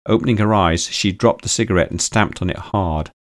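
A man narrating a story audiobook in a steady, even reading style. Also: low-pitched, a little fast, no echo, studio quality.

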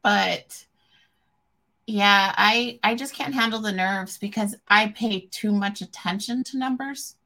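A woman's voice: mid-range voice, slow pace, bright, forceful tone. A woman in her forties who hosts her own show, chatting openly and emotionally with frequent ums. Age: 40s. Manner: candid and emotional, with frequent ums and self-restarts. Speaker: podcast host. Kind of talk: casual chat.

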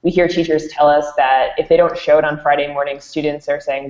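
A woman with a low voice walks through a product demo, explaining at an easy clip with plenty of ums. The sound is dull and boomy, as if from a reverberant room over a muffled line. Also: fairly quick, darkish tone. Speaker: educational company presenter. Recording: dull, echoey room audio.

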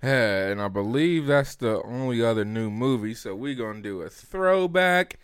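A man's voice: mid-range voice, lively intonation, moderate pace, smooth. A young man co-hosting a casual podcast, playful and teasing, laughing a lot. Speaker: podcast co-host.

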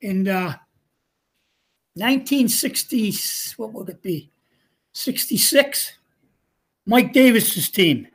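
An older man, a retired coach, telling folksy anecdotes in a casual interview, often chuckling and slipping into quoted dialogue. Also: sits high. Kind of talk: casual storytelling.

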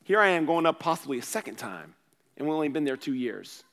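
A man, a pastor, preaching a sermon in a casual, conversational way, swinging between loud bursts and quiet asides. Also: a little high, big pitch swings, fast talker, in a large hall.

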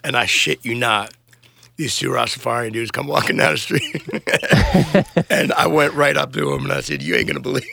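Middle-aged male musician, laid-back rambling storyteller with a gravelly, bright, dry close-mic voice. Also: mid-range voice, animated, normal speed, no room sound. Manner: laid-back, rambling, swears and laughs often. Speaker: touring musician guest. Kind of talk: casual podcast interview.

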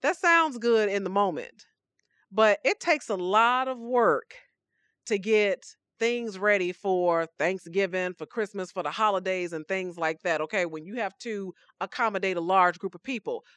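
A woman hosting a faith podcast, teaching scripture in an animated, conversational way with playful asides. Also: medium pitch, moderate pace, no echo. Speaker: podcast host.

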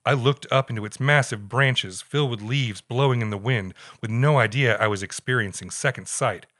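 This male podcast co-host has a medium pitch, moderate pace, and fairly bright tone. He spins a story with casual wryness, reading quotes aloud in assumed voices.

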